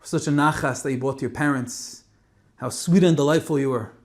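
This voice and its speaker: A man's voice: fairly high pitch, fairly quick, lightly acted. A man voicing a tender old rebbe. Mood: fond. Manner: soft, heartfelt, choked with emotion. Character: elderly grieving male rebbe, gentle and tender.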